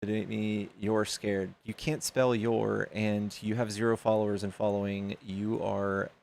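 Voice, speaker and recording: A man's voice: on the low side, level tone, measured pace, creaky, darkish tone. A man hosting a live stream, loose and joking, swearing casually and reading donations aloud to his chat. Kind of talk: casual livestream chat and debate.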